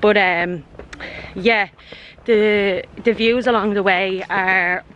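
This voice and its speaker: A woman's voice: mid-range voice, steady tone, slow pace, dull audio, slight background noise. Chatty young Irish woman vlogging. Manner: chatty, rambling, lots of fillers and laughs. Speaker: travel vlogger. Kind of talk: casual vlog chat. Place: outdoors on walks and indoors in a hotel.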